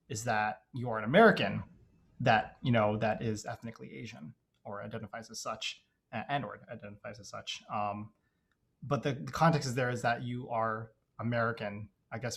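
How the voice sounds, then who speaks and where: Low-voiced young man, hesitant and reflective. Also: vocal fry, fairly bright tone. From raised in Dubai. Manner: hesitant, reflective, heavy use of "like" and "you know". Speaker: guest. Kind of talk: casual podcast interview.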